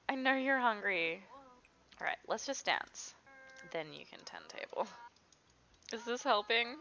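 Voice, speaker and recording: A woman's voice: medium pitch, vocal fry, bright, forceful tone, muffled recording. A young woman chatting casually through a life-sim game, giggling and talking to her characters as she plays. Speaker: gaming video host. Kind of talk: casual let's-play commentary.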